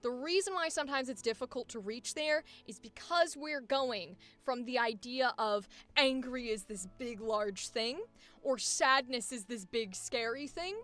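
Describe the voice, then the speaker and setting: A woman's voice: on the high side, measured pace, a bit bright. A young woman coaching a voice actor, explaining animatedly and acting out examples. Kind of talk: coaching session.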